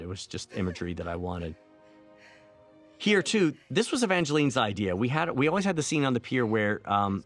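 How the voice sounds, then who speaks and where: With the film's soundtrack playing faintly underneath, a director speaks in a fairly low voice as he comments on his own movie. His tone is easygoing and thoughtful, often broken by fillers and restarted sentences.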